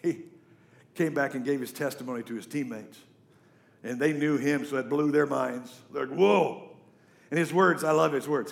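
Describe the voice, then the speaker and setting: A man preaching a sermon to a congregation, animated and emphatic. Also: moderate pace, creaky. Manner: animated, emphatic preaching with big pitch swings. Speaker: pastor. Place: church stage before a congregation.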